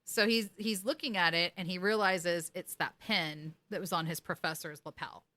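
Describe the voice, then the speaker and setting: A woman's voice: fairly low pitch, moderate pace. A woman co-hosting a podcast, recapping an episode in casual chat and acting out the characters' lines with laughter. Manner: animated storytelling, acting out quotes, laughing. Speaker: podcast co-host.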